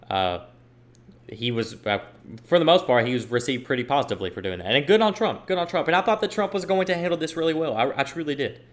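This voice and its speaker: A man's voice: medium pitch, fairly bright tone. Emphatic man giving political commentary. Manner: emphatic, repeats phrases for stress. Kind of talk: opinion monologue reading tweets aloud.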